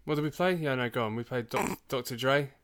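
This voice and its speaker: A man's voice: mid-range voice, fairly quick, fairly bright tone, clean tone. Easygoing man with a cold. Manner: easygoing, joking. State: has a cough and cold. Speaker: podcast co-host. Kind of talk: casual chat.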